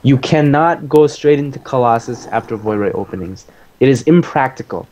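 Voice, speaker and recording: Male, mid-pitched, casual game commentary, explanatory and relaxed, faint background noise. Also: moderate pace, dull audio. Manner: relaxed, explanatory, many fillers. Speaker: player commentating his own game.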